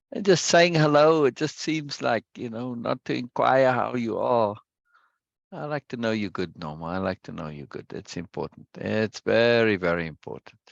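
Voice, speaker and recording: Male study-group host, low gravelly voice, dry dull lo-fi sound, chatty and repetitive greeter. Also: moderate pace, dry recording. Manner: repeats phrases, greets viewers one by one. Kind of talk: casual livestream chat before a reading session.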